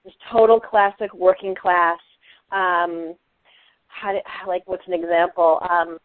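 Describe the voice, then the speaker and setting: A woman from Eastern Massachusetts, a novelist being interviewed, talks in an animated way, often restarting her sentences. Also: on the low side, unhurried, no room sound. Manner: animated, frequent restarts and laughter. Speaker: novelist guest. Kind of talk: conversational interview. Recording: tinny dry phone-line audio.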